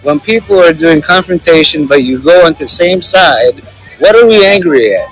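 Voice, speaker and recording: Man, street vlogger, rambling, joking, slightly high voice, outdoor plaza, faint music behind. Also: expressive, normal speed, low-quality recording. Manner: rambling and joking, many fillers. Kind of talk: casual walking commentary.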